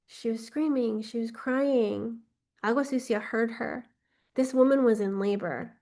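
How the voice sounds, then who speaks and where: A woman's voice: mid-range voice, a little mellow. A woman retelling a folk tale off the cuff as a workshop guide, with loose asides like "right?" and "like". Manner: unscripted retelling with fillers like "right?" and "like". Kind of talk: spoken storytelling for a guided healing journey.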